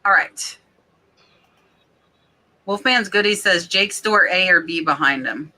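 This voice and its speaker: A woman's voice: on the low side, slow pace, bright, forceful tone. A woman hosting a casual podcast chat, reading out viewer questions with lots of "um" and "like.". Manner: chatty, many fillers like "um" and "like".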